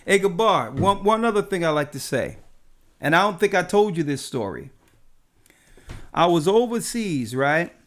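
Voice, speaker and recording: A man's voice: high-pitched, big pitch swings, normal speed, fairly bright tone, a little hiss or hum. A man, an elder of a church, telling personal stories in a casual chat, with frequent "right?" asides.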